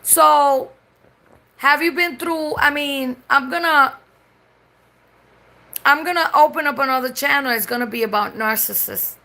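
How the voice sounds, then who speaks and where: A woman's voice: sits high, a little slow, long pauses, sharp tone. A Puerto Rican woman chatting casually on a live stream. She swears freely and switches between English and Spanish mid-sentence. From Puerto Rico.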